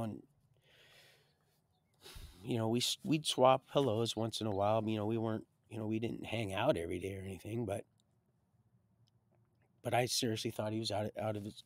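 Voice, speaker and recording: A man's voice: on the low side, dry recording. A man telling a rambling personal story on a livestream, often repeating and restarting his words.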